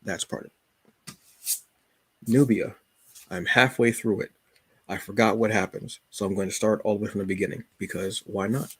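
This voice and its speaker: Gravelly man chatting about his reading. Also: fairly low pitch, normal speed, pauses often, no room sound. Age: adult. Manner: relaxed, joking, storytelling with asides. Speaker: channel host. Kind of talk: casual talk about comics and books.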